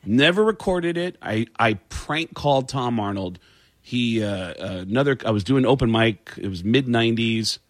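Animated middle-aged comic telling stories. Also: male voice, mid-range voice, moderate pace, no room sound. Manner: animated storyteller, jumps into voices. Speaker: comedian and impressionist. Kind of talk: casual storytelling interview. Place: radio studio.

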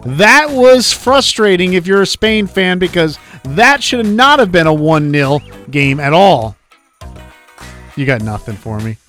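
Male sports radio co-host, high voice, casual and rambling, light music under. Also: sing-song, a little slow, fairly bright tone. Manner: chatty, rambling, reads segment rundowns. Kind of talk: sports talk radio banter.

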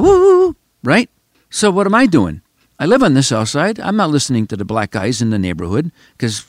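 Animated older man from Chicago. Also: on the high side, dry recording. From Chicago, United States. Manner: emphatic, rambling, talks straight to listeners. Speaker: podcast host. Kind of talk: casual reflective monologue.

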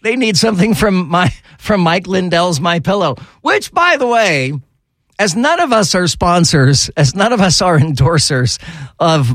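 A man hosting a talk radio show, chatting casually and getting animated and exasperated, his voice jumping high when riled up. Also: no echo. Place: radio studio.

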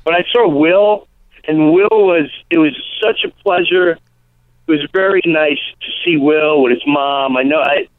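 A comedian in a casual radio interview, telling animated stories and acting out quotes. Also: male voice, on the high side, a little slow, no room sound. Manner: animated storytelling, acts out quotes. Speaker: comedian guest. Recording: tinny phone-line sound.

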